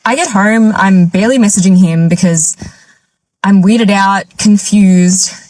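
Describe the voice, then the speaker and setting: A woman's voice: mid-range voice, a little slow, poor audio. A young woman telling a dating storytime, acting out what people said along the way. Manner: animated, acts out quoted dialogue. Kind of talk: storytime vlog.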